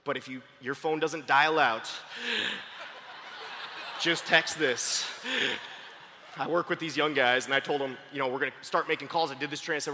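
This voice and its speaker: Fast-talking, shouting motivational man, high voice. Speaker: sales trainer. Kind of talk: motivational sales training talk. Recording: long hall reverb.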